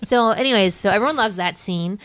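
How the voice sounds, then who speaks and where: A chatty American woman co-hosting a movie podcast. She talks in a casual, conversational way at an ordinary pitch. Her voice is recorded close and dry, with no room sound. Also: a little fast, fairly bright tone, no room sound. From United States. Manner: chatty, quotes film lines in put-on voices. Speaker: podcast co-host. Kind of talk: casual chat about a movie.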